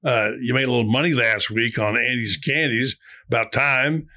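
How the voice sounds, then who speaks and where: A male sports talk host banters with his co-host in a gruff, exasperated, wisecracking way. His voice is bright and sharp, sitting at an ordinary pitch. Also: normal speed.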